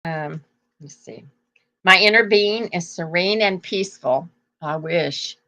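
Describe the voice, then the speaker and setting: A woman's voice: fairly low pitch, takes it slowly, pushed and bright, muffled recording. An older woman hosting a casual live chat, rambling through stories and laughing often. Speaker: host.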